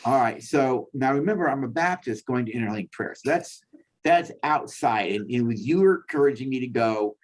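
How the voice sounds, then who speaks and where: Here a man with a medium-pitched, animated voice speaks fairly quickly. He's a guest therapist giving a heartfelt personal testimony in conversation, voicing the dialogue himself, and at times he becomes tearful.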